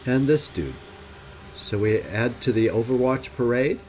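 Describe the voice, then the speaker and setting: A man's voice: mid-range voice, lively intonation, measured pace, a little mellow, slight background noise. A man hosting a let's play, talking through his tactical moves aloud with wry, self-questioning asides. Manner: thinking aloud while planning moves. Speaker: gaming channel host.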